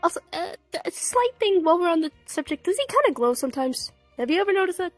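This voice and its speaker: A woman's voice: very high-pitched, sing-song, fast talker, no room sound, soft background music, rough recording. A woman playing a giggly young woman who gets flustered and dodges questions about her crush, in a fan audio drama. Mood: flustered, chatty. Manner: giggly, evasive, deflecting with food.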